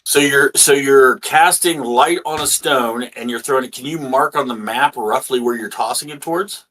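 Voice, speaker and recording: A man's voice: medium pitch, moderate pace, fairly bright tone, poor audio. A man running a tabletop role-playing game as dungeon master, rambling and restarting with lots of fillers.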